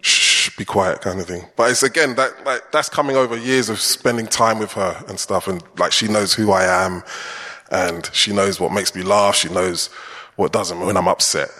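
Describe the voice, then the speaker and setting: A male preacher giving a relaxed, chatty sermon and often turning to the congregation with questions. His voice sits on the low side. A long church-hall reverb trails each phrase. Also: normal speed. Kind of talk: conversational sermon.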